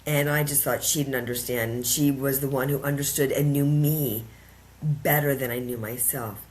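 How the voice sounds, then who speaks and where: A woman's voice: very deep voice, fairly even intonation, normal speed, darkish tone. A woman guest on a podcast, telling a personal story earnestly with emphatic, repeated phrases. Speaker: podcast guest, empowerment coach.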